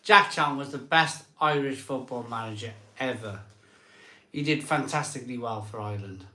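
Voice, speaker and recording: A man's voice: mid-range voice, normal speed, sharp tone. A man co-hosting a live stream, joking and chatting casually in a self-deprecating way. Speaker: co-host of a live drinking stream. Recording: echoey room, a bit away from the mic.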